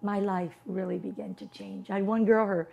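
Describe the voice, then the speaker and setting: A woman's voice: medium pitch, little pitch movement, moderate pace, gravelly, a little mellow, lo-fi sound. A woman in her fifties, not a native English speaker, giving an emphatic personal testimony as a motivational speaker and posing rhetorical questions. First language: non-English household language.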